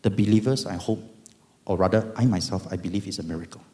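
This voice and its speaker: A middle-aged man with a Singaporean accent giving a dramatic, animated testimony at an event. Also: low voice, quick pace. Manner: animated, dramatic, bursts of loud emphasis. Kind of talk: storytelling testimony talk. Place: event hall. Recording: long hall reverb.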